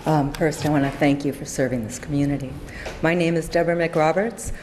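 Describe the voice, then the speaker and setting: Low-voiced mother at a podium. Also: steady tone, background noise. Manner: measured, prepared statement. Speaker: public commenter, mother. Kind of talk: public comment at a county board meeting. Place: council chamber.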